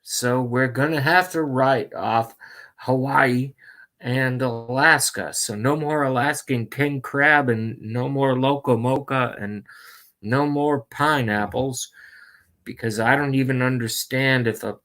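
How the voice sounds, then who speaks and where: A man's voice: medium pitch, fairly bright tone. A man doing a comic impression of a confused, rambling elderly male politician. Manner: meandering, slow, free-associating.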